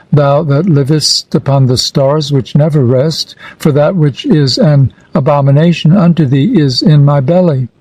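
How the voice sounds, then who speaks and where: A man reading an ancient funerary text aloud in a solemn, measured, declamatory manner. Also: a little high, dark tone, dry recording, rough recording. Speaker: reader.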